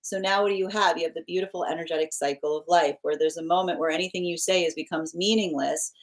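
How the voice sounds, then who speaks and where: A woman's voice: on the low side, fairly even intonation, fast talker, low-quality recording. A woman giving a live tarot dream reading in an earnest, flowing way, often checking in with "right?" and leaning on spiritual phrases. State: choked up with emotion. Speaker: tarot reader.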